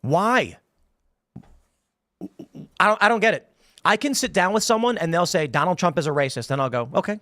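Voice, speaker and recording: A man's voice: high voice, lively intonation, normal speed, long pauses, sharp tone, no room sound, clean studio sound. A man hosting a political talk show, ranting with heated indignation. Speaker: podcast host.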